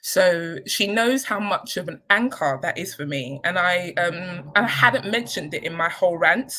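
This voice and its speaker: A woman speaks candidly and reflectively about her work, her speech sprinkled with pauses and ums. Her voice sits a little low yet sounds bright and clear. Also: rough recording. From United Kingdom. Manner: candid and reflective, many ums, emotional at times. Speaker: charity chief executive. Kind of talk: personal reflective talk.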